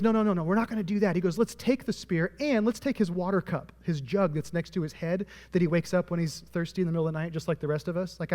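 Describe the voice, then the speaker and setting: A man's voice: sits high, a little mellow. A male pastor preaching a sermon and retelling a Bible story, acting out the characters' lines. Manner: storytelling, acting out voices of biblical figures. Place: church auditorium. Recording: long church hall reverb.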